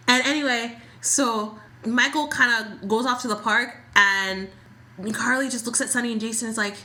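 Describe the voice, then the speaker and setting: A woman's voice: mid-range voice, brisk, pushed and bright. A woman co-hosting a casual podcast chat, chatty, often stumbling and restarting mid-sentence. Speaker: podcast co-host. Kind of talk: casual chat about a soap opera.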